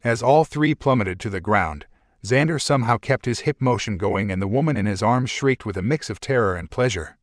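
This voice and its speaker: A man's voice: on the low side, animated, a little fast, dry recording, clean studio sound. A man narrating a first-person story in a wry, conversational manner.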